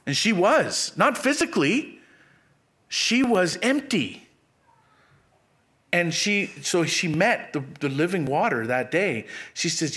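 Male pastor preaching, slightly high-pitched, animated delivery with acted-out quotes and quiet emphatic drops. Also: unhurried. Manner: expressive, acts out quotes with sudden pitch jumps; drops to a hushed low voice on key phrases. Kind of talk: sermon.

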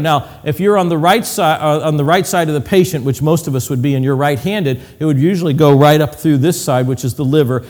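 A man's voice: fairly high pitch, a little mellow. A man preaching a sermon with slides, vivid and hands-on, acting out cries and whispers and adding medical detail. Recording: long hall reverb.

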